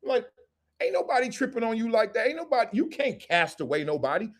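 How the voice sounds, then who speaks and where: A middle-aged man hosting a live show, commenting on sports and culture in a joking, animated way and acting out quick skits. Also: very high-pitched. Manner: animated and joking, slips into quick acted-out skits with different voices. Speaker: host.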